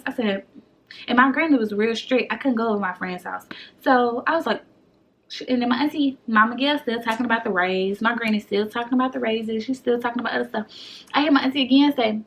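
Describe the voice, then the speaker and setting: A young woman vlogger telling a storytime in a casual, animated way, acting out each quote. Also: on the high side, vocal fry. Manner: animated, acts out every quote.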